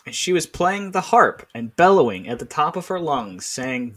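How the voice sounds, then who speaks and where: Co-hosting a podcast, a man reads a comic text aloud with playful energy, laughing often and acting out the quoted lines. His slightly high, fairly bright voice swings widely in pitch at a moderate pace.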